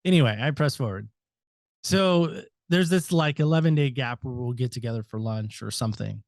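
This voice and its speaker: Talkative man guest, reflective, mid-pitched, dry close sound. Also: moderate pace, creaky, dry recording. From United States. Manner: talkative, reflective, varies loudness a lot. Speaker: podcast guest. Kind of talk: reflective interview talk.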